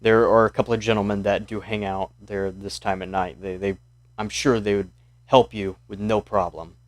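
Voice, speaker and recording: A man's voice: on the low side, little pitch movement, normal speed, dry recording, voice pushed down, close to an everyday voice. A man voicing a weary, polite old village mayor who wants his sleep.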